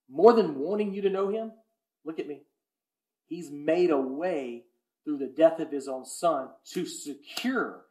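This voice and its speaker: A man preaching a sermon as pastor, swinging between hushed, intimate lines and loud, impassioned ones. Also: fairly high pitch, roomy sound. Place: church sanctuary.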